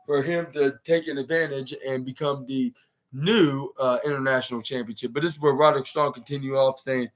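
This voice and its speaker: A man's voice: medium pitch, steady tone, brisk. A man hosting a podcast, recapping a show in a rambling, casual way with lots of fillers and restarts. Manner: rambling, heavy use of "like" and restarts. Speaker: wrestling podcast host.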